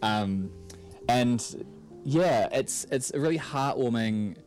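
A man's voice: mid-range voice, lively intonation, slow, darkish tone, soft background music. A man chatting on radio about a TV show, with many ums and uhs. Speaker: TV reviewer guest. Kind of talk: casual radio chat.

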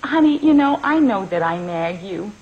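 A woman's voice: mid-range voice, sing-song, normal speed, lo-fi sound, a crowd in the background, natural voice. A woman playing a doting, guilt-tripping middle-aged mother with a wheedling, melodramatic way of talking, heard on an old comedy record. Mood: nagging. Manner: wheedling, plaintive, melodramatic sighs and pleas.

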